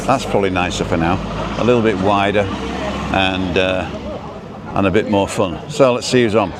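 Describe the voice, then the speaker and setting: Low-voiced man hosting a noisy outdoor livestream. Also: normal speed. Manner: rambling, reads viewer comments aloud while fiddling with stream settings. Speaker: livestream host. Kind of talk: casual live-stream chat. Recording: noisy outdoor street background.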